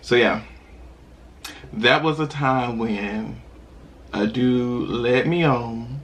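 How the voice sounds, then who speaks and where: A young man vlogging while eating, telling a personal story in a chatty, animated way with sudden high laughs. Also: very slow, a little hiss or hum. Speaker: mukbang vlogger.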